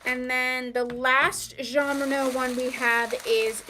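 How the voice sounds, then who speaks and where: A woman hosting a live online wig sale, describing products in a chatty, unhurried way. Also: high voice, fairly even intonation, pushed and bright, slight background noise. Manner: chatty, unhurried, drawn-out pauses. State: hiccuping. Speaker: online wig shop host.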